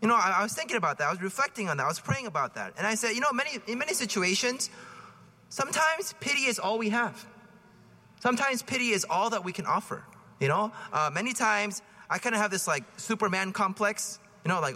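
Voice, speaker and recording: Bright high-voiced priest in a reverberant church. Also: male voice, expressive, quick pace. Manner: casual, joking, acts out voices. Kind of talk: homily.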